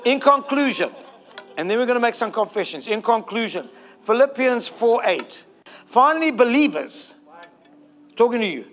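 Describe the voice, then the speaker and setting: A man's voice: very high voice, big pitch swings, normal speed, a bit bright. A man preaching a sermon, fervent and exhorting, rallying the congregation to repeat declarations.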